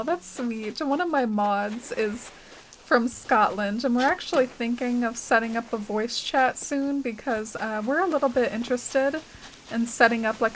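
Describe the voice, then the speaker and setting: Chatty young woman streamer, slightly high. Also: slight background noise, rough recording. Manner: chatty, rambling, heavy use of "like" and "uh". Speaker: live game streamer reading chat. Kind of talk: casual chat while playing.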